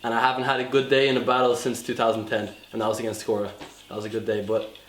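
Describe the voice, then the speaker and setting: A young man talks loosely and meanders, padding his thoughts with fillers. His voice sits at an ordinary middle pitch. The room around him rings with a noticeable echo. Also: little pitch movement, quick pace, a little hiss or hum. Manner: casual, rambling, frequent fillers. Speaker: freestyle footballer. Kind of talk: documentary interview. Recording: roomy echo.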